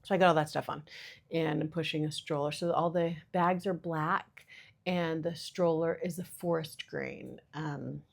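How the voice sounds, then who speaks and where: A chatty mom in her thirties hosts her podcast solo, wandering from thought to thought with plenty of filler words and jokes at her own expense. Her voice sits on the low side and carries a gravelly fry. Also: steady tone, a little slow. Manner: chatty, rambling, self-deprecating, many fillers. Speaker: podcast host. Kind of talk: casual solo monologue.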